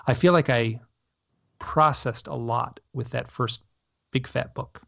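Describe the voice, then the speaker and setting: Rambling man with a gravelly voice. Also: mid-range voice, slow pace, no room sound. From North America. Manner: rambling, self-interrupting, animated storytelling. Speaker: guest. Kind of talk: conversational interview storytelling. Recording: dull lo-fi radio audio.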